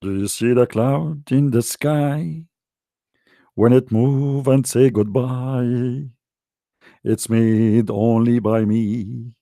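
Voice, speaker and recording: A man voicing a boastful, petty male god in mockery, drawing out each word slowly and pompously in a gravelly voice. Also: medium pitch, steady tone, warm tone, dry recording, clean studio sound, voice pushed down. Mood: mocking, pompous. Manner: slow, drawn-out mocking delivery.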